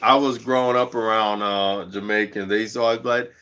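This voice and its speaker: A man's voice: fairly low pitch, steady tone, a little fast, a bit bright, clear, resonant tone. A man hosting a livestream in a slangy, rambling casual chat, laughing often. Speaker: livestream host.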